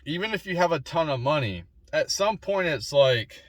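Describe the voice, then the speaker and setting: A man's voice: on the high side, sing-song, moderate pace, fairly bright tone, dry recording. A man in his forties giving a rambling, opinionated solo monologue with frequent restarts and repeated words. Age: 40s. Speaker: vlogger.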